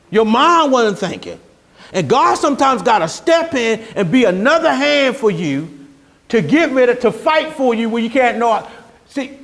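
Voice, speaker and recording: A pastor preaching with a strikingly high-pitched voice that swoops up and down as he tells stories. He moves between quiet asides and loud, shouted punchlines. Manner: animated storytelling, rising to shouts. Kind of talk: sermon.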